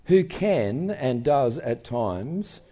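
An older man speaking as a guest in an on-stage interview, telling stories in an animated way. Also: medium pitch, drawn-out words. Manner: animated storyteller, acts out voices in anecdotes.

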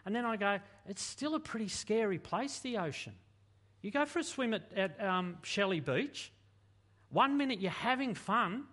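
Rhetorical questions pour from a high-pitched male pastor as he preaches his sermon in an energetic, talk-like manner.

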